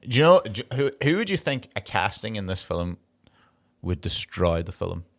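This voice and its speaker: A man, co-hosting a casual podcast chat, animated and laughing often. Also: lowish voice, vocal fry. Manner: animated, laughing, quick impressions. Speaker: podcast co-host.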